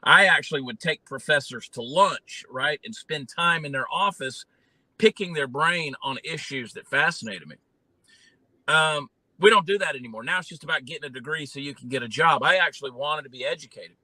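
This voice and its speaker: A man from Georgia with a Southern drawl, talking in a folksy, animated way as a guest in an interview. His voice is very bright and slightly high, recorded dry and close. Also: normal speed, dry recording, rough recording. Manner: folksy, animated storytelling with many fillers. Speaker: guest, comedian and candidate. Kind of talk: casual interview talk.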